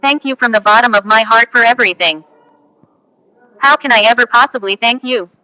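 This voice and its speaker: A woman reading English example phrases one at a time for learners, slow and careful. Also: a little high, pushed and bright, no room sound, low-quality recording. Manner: slow, careful, each phrase spoken on its own. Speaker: English teacher.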